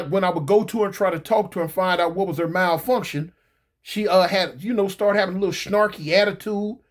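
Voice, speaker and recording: A man telling a personal story in a loose, slangy way, often repeating himself and circling back. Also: high voice. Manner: slangy, rambling, repeats phrases.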